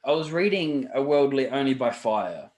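A man's voice: mid-range voice, lively intonation, moderate pace, noisy background. A man co-hosting a casual podcast, rambling and swearing with lots of fillers and restarts. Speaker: podcast co-host. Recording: roomy echo.

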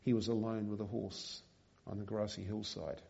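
A man preaching a sermon, reading a story aloud in a measured, quiet way. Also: fairly low pitch, level tone, gravelly. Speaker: pastor. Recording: dull lo-fi recording.

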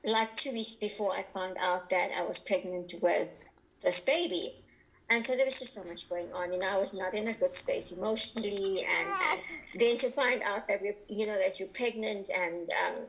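Woman, podcast guest, casual interview, candid, chatty, filler-heavy, mid-pitched. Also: normal speed, a bit bright, slight background noise, poor audio.

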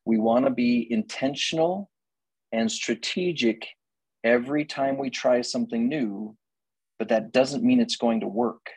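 A man's voice: medium pitch, darkish tone, slightly rough, no echo, low-quality recording. A man counseling on relationships in a faith-based lecture, emphatic and full of rhetorical questions, repeating key lines for emphasis.

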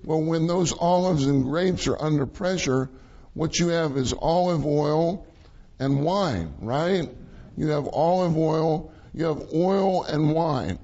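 A man's voice: fairly high pitch, slow pace, dark tone. Man preaching over a muffled recording. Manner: conversational preaching with repeated phrases. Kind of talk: sermon.

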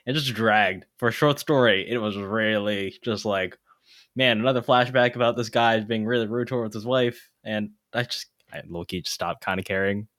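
A man co-hosting a casual book discussion podcast, low-key and laid-back in his delivery. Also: normal speed, fairly bright tone, no echo, studio quality. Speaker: podcast co-host.

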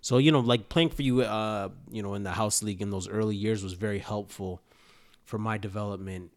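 A young man with a slightly low voice chats casually, animated and full of laughter. He tells his story by acting out the lines of the people in it. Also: fairly quick. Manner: animated storyteller, laughs often, acts out quotes. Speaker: former player, interviewer. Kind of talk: casual conversation.

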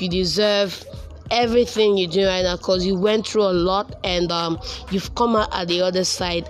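A young man with a Nigerian accent and a high-pitched voice tells a casual personal story. He's animated, repeating words for emphasis.

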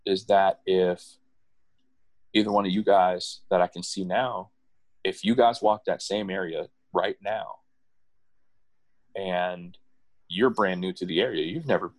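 Speaking casually as a guest, a middle-aged man with a very deep voice shares stories from his own life. He often repeats words or starts over, and he lifts his pitch sharply when quoting others, all in a close, dry recording.

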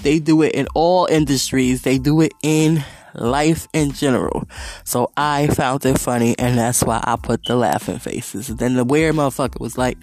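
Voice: mid-range voice, normal speed, a little mellow, no room sound. A podcast host telling rambling stories in a casual monologue, swearing constantly and laughing often. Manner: profane, rambling storytelling.

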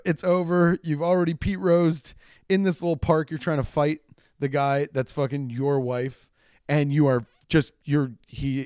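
A young man telling a rambling, profane comedic story, acting out the people in it with shouted quotes. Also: on the high side, no echo, studio quality.

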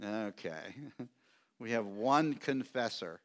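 A middle-aged man preaching a sermon, emphatic and repetitive, stretching key words slowly. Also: on the low side, expressive. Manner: emphatic, repetitive preaching with slow drawn-out stresses. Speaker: pastor.

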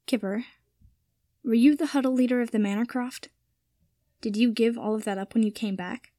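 A woman voicing a proud, upset young wizard man who answers in quick, clipped lines, in a storybook reading. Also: on the high side, warm tone, no echo, studio quality, natural voice. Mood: earnest.

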